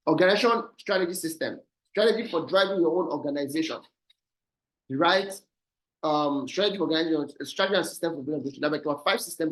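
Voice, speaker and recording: A man with a Nigerian accent giving a fast online business presentation, often ending points with "right?". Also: on the high side, poor audio. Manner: fast, repeats "right?" as a tag. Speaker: guest speaker. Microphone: video call.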